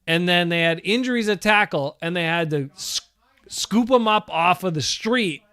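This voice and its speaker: A man's voice: high voice, normal speed, bright, forceful tone, smooth, no echo. A man co-hosting a casual sports talk show, joking, swearing now and then and reading out viewer comments. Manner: joking, swears freely, reads out chat comments.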